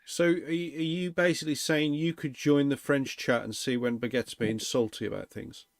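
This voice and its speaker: A man hosts a relaxed livestream, his voice gravelly and his tone playful. He teases and laughs easily, recorded dry and close to the mic. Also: mid-range voice, normal speed, dry recording. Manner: playful, teasing, laughs often. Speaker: livestream host. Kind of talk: casual livestream chat.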